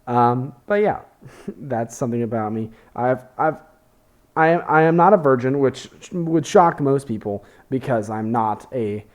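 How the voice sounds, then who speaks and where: A man's voice: mid-range voice, a little slow. A young man, hosting a podcast, telling rambling, self-deprecating comedy stories full of fillers and swearing. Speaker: podcast host. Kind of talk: casual comedic monologue.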